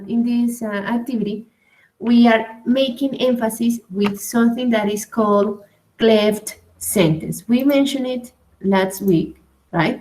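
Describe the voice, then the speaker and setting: A woman whose first language is Spanish, teaching an English grammar class at a slow, hesitant pace and often checking in with "right?". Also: fairly high pitch, darkish tone, poor audio.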